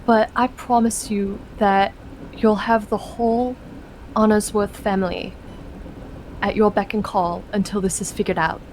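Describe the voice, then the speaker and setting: A woman's voice: medium pitch, steady tone, unhurried, a little mellow, a little hiss or hum, close to an everyday voice, rough recording. A woman voicing a noblewoman with a diamond cane, speaking tentatively and apologetically. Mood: apologetic.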